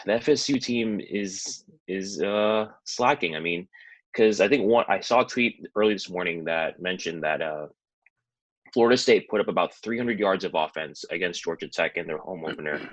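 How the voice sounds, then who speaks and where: A man's voice: low-pitched, moderate pace, no room sound, low-quality recording. A man who is a guest on a sports podcast, giving his football take in a rambling, hesitant way with many fillers. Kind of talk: casual sports talk.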